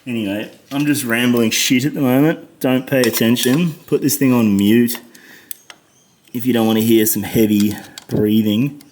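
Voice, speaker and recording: A fed-up Australian man with a fairly low voice narrates a motorcycle repair as he works. He rambles and swears at every stubborn part. A light background hiss sits under his voice. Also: a little mellow. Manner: frustrated, swears constantly, mutters while working. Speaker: motorcycle mechanic vlogger. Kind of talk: casual workshop commentary.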